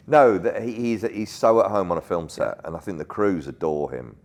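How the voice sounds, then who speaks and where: A man, a podcast guest, telling lively anecdotes in casual conversation and swearing freely. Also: deep voice, moderate pace, few pauses.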